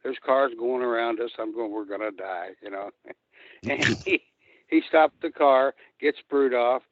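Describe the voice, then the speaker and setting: A man's voice: mid-range voice, a little slow, no room sound. Older man, phone caller, rambling profane storyteller, tinny phone line, dry sound. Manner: rambling, profane road stories. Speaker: guest wrestler.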